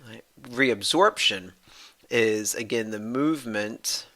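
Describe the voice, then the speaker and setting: A man's voice: lowish voice, slow, bright, forceful tone. A man, a professor, giving a recorded anatomy lecture, explaining step by step and restating his points with many fillers.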